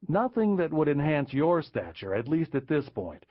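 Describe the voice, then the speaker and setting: Man doing a matter-of-fact political adviser, animated pitch, dry dull sound. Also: moderate pace, no echo. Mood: measured.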